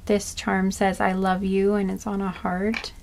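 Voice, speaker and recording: A woman doing a slow, soft-spoken pick-a-card reading, listing charms one by one with small asides. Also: medium pitch, completely flat delivery, creaky, slight background noise. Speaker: tarot card reader.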